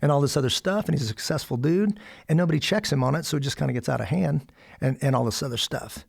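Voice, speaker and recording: A man's voice: a little high, quick pace, vocal fry, breathy edge. A middle-aged American man, a podcast guest, telling a story in casual chat. He acts out the quotes and laughs often. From United States.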